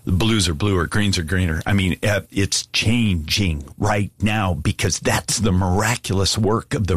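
A man's voice: deep voice, slightly rough, dry recording. A man preaching an earnest, pleading sermon and asking listeners to give their lives to Jesus. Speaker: pastor. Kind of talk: sermon altar call.

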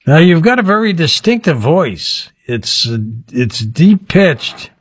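Lively-voiced male radio host. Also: a little high, slow pace, slightly rough, dry recording, clean studio sound. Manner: teasing, quizzing the guest. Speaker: radio talk show host. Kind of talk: playful radio interview.

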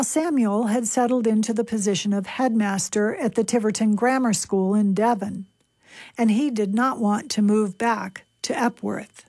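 A woman reading a book aloud on a radio show in a calm, measured way. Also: fairly high pitch, dry recording.

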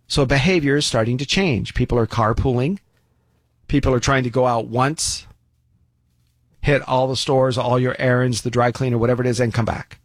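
A man's voice: mid-range voice, fairly even intonation, normal speed, no room sound. A man giving an opinion commentary monologue in a folksy, sarcastic way with many asides.

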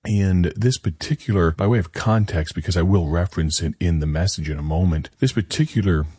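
A male evangelist with a very low, husky voice opens his broadcast sermon. He speaks in an earnest, conversational, storytelling way. His voice is close and dry. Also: a little fast, mellow, no echo.

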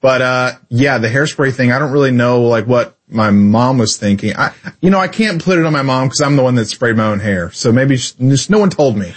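A man's voice: mid-range voice, fairly quick, husky. A young adult man co-hosting a radio show, chatting casually in an easygoing way. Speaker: co-host. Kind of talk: casual chat.

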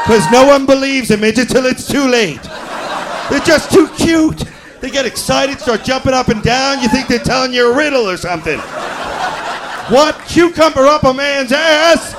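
A man's voice: very high voice, lively intonation, normal speed, a crowd in the background. A man performing crude, self-mocking stand-up comedy. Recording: live club mic with noise.

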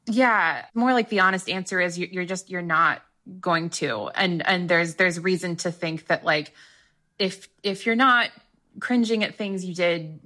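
A woman's voice: on the low side, unhurried, sharp tone. A woman talking as a guest in a casual interview, chatty and peppered with filler words. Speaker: guest author.

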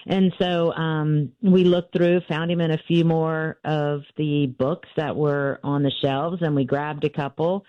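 A woman's voice: sits low, steady tone, unhurried, few pauses, dry recording, dull audio. A woman author telling her family's story in an interview, earnest and full of fillers and restarts.

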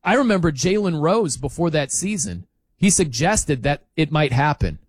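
Animated man ranting about sports. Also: fairly high pitch, moderate pace, no echo, rough recording. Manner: animated, incredulous, argumentative. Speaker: sports talk host. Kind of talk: opinionated sports talk rant.

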